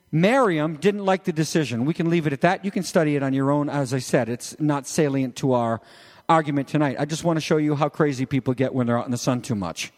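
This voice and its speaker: A man preaching a sermon in an animated, conversational way, tossing rhetorical questions at the congregation. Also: fairly high pitch. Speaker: pastor. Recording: long reverb of a large hall.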